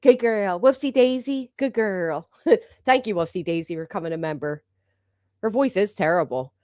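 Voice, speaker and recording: A woman's voice: lowish voice, lively intonation, moderate pace, darkish tone, dry recording, clean studio sound. A woman doing live-stream reaction commentary, blunt and mocking, swearing freely as she talks over clips.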